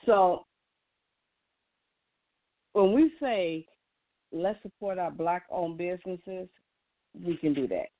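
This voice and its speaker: A woman's voice: fairly low pitch, slow pace, long pauses, dry recording. A woman in a casual monologue, earnest and emphatic, often restarting her sentences. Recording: tinny, dry phone-like sound.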